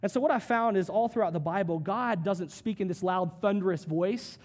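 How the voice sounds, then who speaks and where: High-voiced man preaching casually. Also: a little mellow. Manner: conversational, joking asides, quick acted quotes. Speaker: pastor. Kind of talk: sermon.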